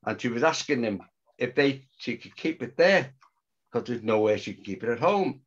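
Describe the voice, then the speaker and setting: Speaking at medium pitch and ordinary speed, an older guest recounts an anecdote in a casual interview. He's lively, voices the people he quotes, and laughs a lot. The audio comes through muffled and lo-fi.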